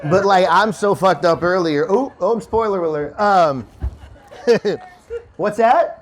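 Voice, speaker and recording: A man's voice: high voice, slow pace. A man from Kentucky doing a loose, profane stand-up set at a winery, chatting with the crowd and laughing at his own jokes. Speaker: stand-up comedian. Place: winery comedy show before a live audience. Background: audience laughter.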